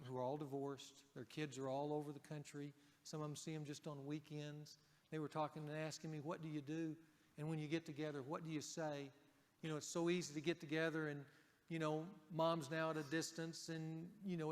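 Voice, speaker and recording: Man preaching in a reverberant hall. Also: fairly high pitch. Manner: conversational preaching, rising for emphasis and dropping soft for key points. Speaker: pastor. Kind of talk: sermon.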